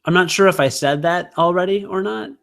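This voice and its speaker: This podcast co-host has a high-sitting, creaky, slightly bright voice and talks fairly quickly. His casual chat rambles along, self-mocking and heavy on fillers.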